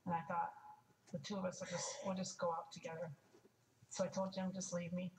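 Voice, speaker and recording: A woman's voice: lowish voice, level tone, brisk, noisy background. An older woman telling a personal story in a frank, wry way, stopping to restart and add asides. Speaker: testimony speaker. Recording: echoey room, mic at a distance, faint ambience.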